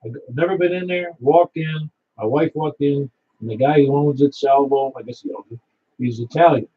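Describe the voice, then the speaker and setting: A man's voice: a little high, moderate pace, a little hiss or hum. A man running an amateur radio net, chatting and telling stories with an easy laugh. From Niagara Falls, New York. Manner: chatty, storytelling, laughs easily. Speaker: net control operator. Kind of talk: ham radio net chat. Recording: muffled lo-fi radio audio.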